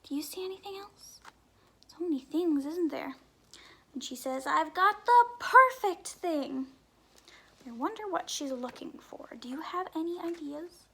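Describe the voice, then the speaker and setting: A woman reading a picture book aloud to children, asking them gentle questions and often dropping to a whisper. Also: extremely high pitch, normal speed, slight background noise. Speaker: story time reader.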